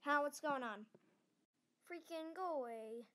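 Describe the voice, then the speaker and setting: A woman with a very high, piercing voice plays the whole cast of a homemade cartoon herself. She swings from squealed shouts to flat, muttered throwaway lines. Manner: quick switches between shrill shouts and flat mumbles. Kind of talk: voicing every character of an animated object show.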